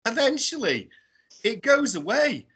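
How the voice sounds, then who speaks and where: A British man, a guest explorer, telling a story casually and in an animated way, often adding tag questions and laughing as he talks. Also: extremely high pitch, measured pace, breathy edge. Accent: British English. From England. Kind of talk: casual storytelling on a radio show.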